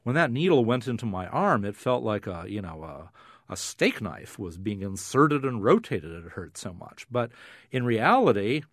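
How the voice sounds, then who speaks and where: A middle-aged man, a neuroscience professor, explaining on a radio interview with frequent "uh" fillers and animated emphasis. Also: lowish voice, normal speed, no echo, studio quality.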